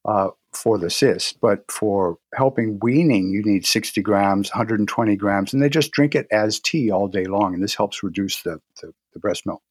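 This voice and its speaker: A man speaking as an interview guest, telling stories in a relaxed way with frequent restarts and pauses. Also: fairly low pitch, dry recording, clean studio sound. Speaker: guest, herbal medicine practitioner. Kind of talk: casual interview talk.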